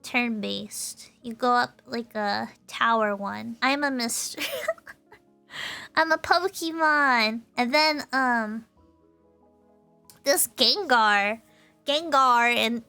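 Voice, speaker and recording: A woman's voice: a little high, drawn-out words, creaky, long pauses, bright, forceful tone, clear, resonant tone, soft background music. A tipsy woman streamer rambling through a casual explanation, giggly and loose, often correcting herself mid-sentence. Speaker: VTuber streamer.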